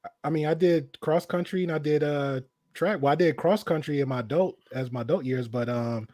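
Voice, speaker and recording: A man's voice: on the high side, a little fast, dark tone, dry recording, studio quality. A man with a faint Southern drawl, telling stories in casual chat. He acts out quotes and swears freely. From American South.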